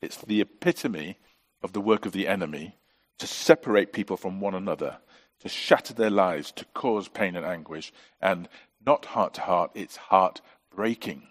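A man's voice: low-pitched, animated, normal speed. A middle-aged man preaching a sermon as pastor, earnest and full of rhetorical questions.

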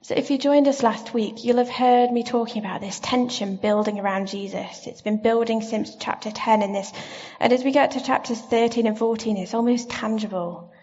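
A woman giving a sermon in a church, gentle and reflective, asking her listeners questions. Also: on the high side, steady tone, moderate pace, few pauses. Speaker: preacher. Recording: slightly dull lo-fi sound.

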